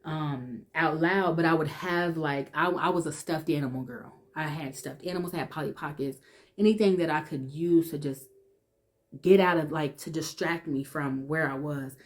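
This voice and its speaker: A woman telling her personal testimony in an emotional, conversational way, restarting often and dropping to a hush when she relives fear. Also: low-pitched, normal speed. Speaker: vlogger sharing her testimony.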